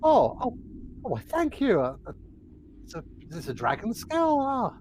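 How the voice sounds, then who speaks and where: Man doing an excitable young adventurer. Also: fairly high pitch, fairly quick, a little hiss or hum. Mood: delighted.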